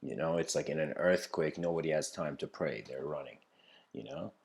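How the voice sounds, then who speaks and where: A man's voice: extremely low pitch, moderate pace, vocal fry, a little mellow. A man giving an improvised lecture that mixes a story with reflection, talking loosely with lots of fillers. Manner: loose, filler-heavy, with frequent "you know".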